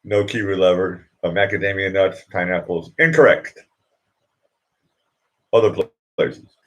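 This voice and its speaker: A man's voice: deep voice, flat delivery, normal speed. A man hosting a casual livestream chat, rambling and joking and laughing often as he talks. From United States. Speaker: livestream host.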